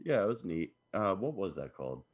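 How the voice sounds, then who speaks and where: A man's voice: low-pitched, big pitch swings, fairly quick, husky, lo-fi sound. A man co-hosting a casual podcast chat, swearing and getting exasperated while mostly agreeing. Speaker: podcast co-host.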